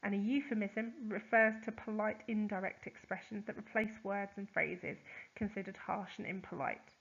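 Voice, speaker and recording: A woman, a teacher, explains poetry terms in a chatty recorded lesson, with lots of ums and quick examples. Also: mid-range voice, steady tone, gravelly, a bit bright, slightly rough, dull audio. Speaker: English teacher.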